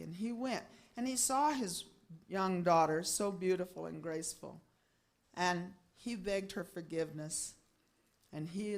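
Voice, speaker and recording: A woman telling a religious story to a gathering, expressive and acting out the characters' voices. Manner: expressive, swinging pitch and loudness, acting out voices.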